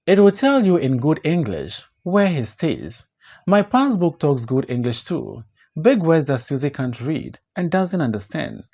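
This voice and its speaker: A man plays a desperate grown man in an audiobook drama. He pleads and protests with wide swings of pitch. His delivery is slow and weighted. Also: very animated, a little mellow, full character voice. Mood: bitter. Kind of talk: audiobook play reading.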